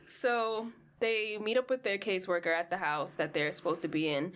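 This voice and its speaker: A woman's voice: lowish voice, fairly even intonation, moderate pace, fairly bright tone. A young woman co-hosting a podcast, retelling a film in casual chat, swearing freely and laughing often. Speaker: podcast co-host.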